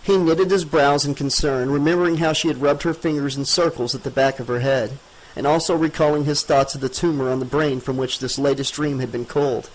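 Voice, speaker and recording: A man narrating a horror audiobook in a steady, dramatic reading. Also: medium pitch, fairly quick, rough recording.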